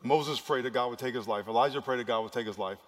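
A man preaching a sermon as pastor, swinging between loud urgent passages and quiet, hushed ones. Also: mid-range voice, fast talker. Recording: long reverb of a large hall.

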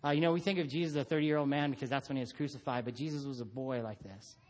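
A middle-aged man preaching a sermon, telling stories about his son and acting out voices. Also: very fast. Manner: animated storytelling, acts out his son in a high voice. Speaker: pastor.

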